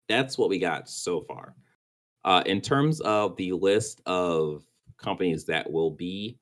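A man co-hosting a casual gaming podcast, rambling and stumbling over words, often restarting and laughing. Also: low-pitched. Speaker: podcast co-host.

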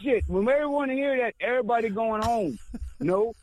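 A man's voice: extremely high pitch, lively intonation, moderate pace, a little hiss or hum. A man co-hosting a comedy show, talking in a rowdy, boastful and profane way. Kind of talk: casual comedic chat.

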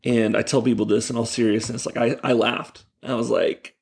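A young man, a youth pastor, telling animated stories in casual chat with lots of fillers. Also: medium pitch, normal speed, vocal fry, slightly rough. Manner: animated, laughing storyteller with many fillers. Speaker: youth pastor, podcast guest.

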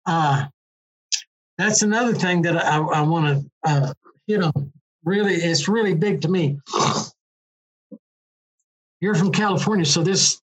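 A man's voice: on the high side, slightly rough. An older man, a former motorcycle racer telling stories in a rambling, casual way. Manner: rambling storyteller, many restarts and fillers. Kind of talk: casual conversation. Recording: dull lo-fi recording.

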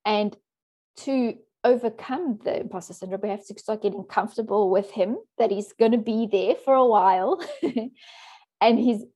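A woman coach talking thoughtfully in an interview, with soft laughs and restarts. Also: medium pitch, normal speed, slightly rough. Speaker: coach for introverted women. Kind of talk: interview guest.

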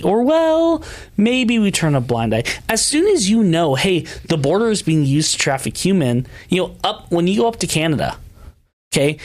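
A man co-hosting a podcast, talking in an emphatic, heated way, tired after a long day. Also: a little high. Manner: emphatic, rises sharply when incensed. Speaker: podcast co-host. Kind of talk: heated opinion talk.

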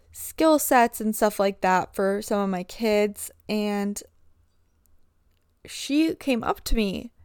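A woman's voice: medium pitch, darkish tone, smooth, dry recording, clean studio sound. A young woman hosting a casual podcast monologue as a swim coach, chatty and full of "like" fillers.

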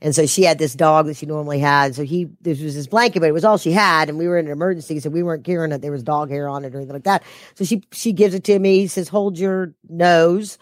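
Animated woman telling a story. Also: low voice, rapid-fire, no room sound, clean studio sound. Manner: animated storytelling, voice rising when quoting herself. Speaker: interview guest. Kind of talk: telling a personal story in an interview.

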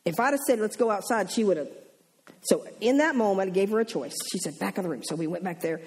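A woman's voice: medium pitch, fast. A woman with a Southern US accent, a pastor's wife and teacher, telling stories in a church talk and acting out the voices of the people in them. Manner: animated, acts out the people in her stories.

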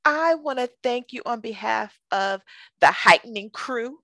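A woman podcast host speaking slowly and warmly encouraging her guest in an interview. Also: a little high, dry recording. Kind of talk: interview chat.

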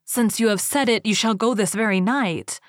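A woman's voice: medium pitch, normal speed, no room sound, clean studio sound, pitched above the performer's own voice, lightly acted. A woman voicing a loving, grave mother queen in a fairy tale read aloud. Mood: tender.

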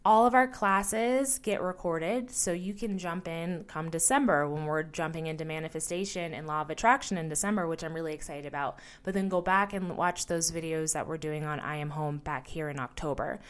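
Gentle encouraging woman life coach. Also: deep voice, moderate pace, few pauses, smooth. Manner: gentle, encouraging, asks the listener many questions. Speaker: life coach and podcast host. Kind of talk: solo podcast coaching talk.

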